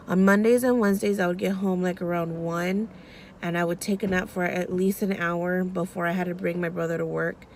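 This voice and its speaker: A woman's voice: on the low side, creaky, slight background noise. Rambling emotional young woman. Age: young adult. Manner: rambling and emotional, many fillers and restarts. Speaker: vlogger. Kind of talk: casual chat.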